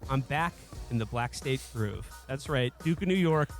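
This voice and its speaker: A man joking his way through a comedic podcast role-play in a deadpan, mock-serious way. His voice sits at a middle pitch. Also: normal speed, faint music behind. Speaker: podcast co-host, player.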